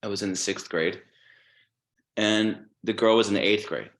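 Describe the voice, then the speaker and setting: A man talking as a podcast guest, telling stories in a relaxed way and swearing casually. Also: on the low side, moderate pace. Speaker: guest musician.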